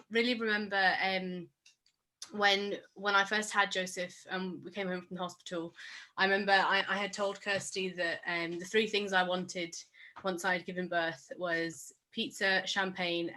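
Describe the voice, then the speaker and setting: Woman on a zoom call, chatty, laughs a lot, bright sharp voice. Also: medium pitch, flat delivery, a little slow. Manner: chatty and warm, breaks into laughter. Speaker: church member sharing a memory. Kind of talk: casual heartfelt sharing on a video call. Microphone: video call.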